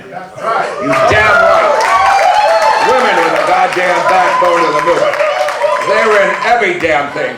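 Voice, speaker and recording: A man's voice: fairly high pitch, fairly bright tone. An older man speaking as an activist at a reunion, telling blunt, profane stories with laughter in his voice. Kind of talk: storytelling speech. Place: large hall. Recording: echoey hall recording.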